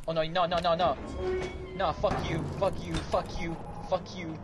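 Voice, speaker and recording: A man gaming with friends in voice chat, laughing, yelling and cursing. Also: on the high side, little pitch movement, moderate pace, over loud music. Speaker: gamer. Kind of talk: casual gaming banter.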